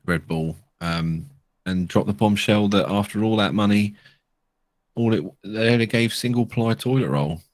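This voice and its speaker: A man's voice: fairly low pitch, normal speed, no echo, studio quality. A man, co-hosting a casual podcast, blunt and swearing freely. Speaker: podcast co-host, former F1 engineer.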